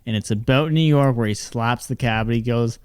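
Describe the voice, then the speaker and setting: Cohost guy, mid pitch, dry close mic, short jokey replies. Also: brisk, a little mellow, clear, resonant tone, no room sound. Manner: short, joking replies and guesses. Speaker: podcast co-host. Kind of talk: casual podcast chat.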